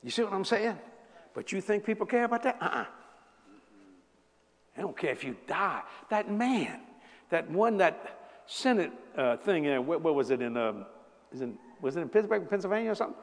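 This man in his seventies has a high voice with big pitch swings and a moderate pace. Delivering a sermon, he talks casually with the congregation and tells joking stories, all in long hall reverb.

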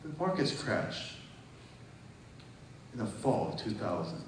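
A man preaching a testimony sermon to a congregation. He tells his story vividly, acting out phone calls, and rises to loud, emphatic peaks. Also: fairly low pitch, big pitch swings, takes it slowly. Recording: distant echoey hall with noise.

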